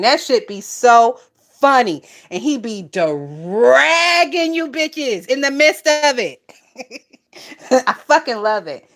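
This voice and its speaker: A woman chats through a gossip livestream, breaking into laughter again and again. Her voice sits a little high for a woman, and she reads out viewer comments as she goes. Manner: laughs often, loud and amused. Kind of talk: casual gossip chat reading live comments.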